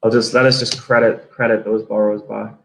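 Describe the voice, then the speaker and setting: A man's voice: lowish voice, flat delivery, brisk, creaky. A man from England with an English accent, chatting casually on a livestream about his trades and reading out viewer messages. He rambles, swears freely and often restarts his sentences. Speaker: day trader streamer.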